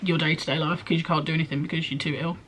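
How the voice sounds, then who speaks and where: A woman's voice: low-pitched, level tone, fast talker, a bit bright, a little hiss or hum. A young woman, pregnant, chatting casually in a rambling way, with frequent ums and likes, as she answers questions for her vlog. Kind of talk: casual chat.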